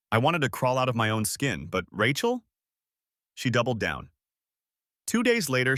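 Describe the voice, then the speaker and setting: Man narrating a story with lively intonation. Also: mid-range voice, no echo, clean studio sound. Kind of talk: first-person story narration.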